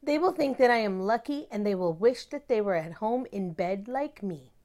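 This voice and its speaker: A woman's voice: medium pitch, expressive, normal speed, darkish tone, close to an everyday voice. A woman voicing a fretful girl who dreads her first day, with a whiny, pleading voice. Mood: whiny, stubborn.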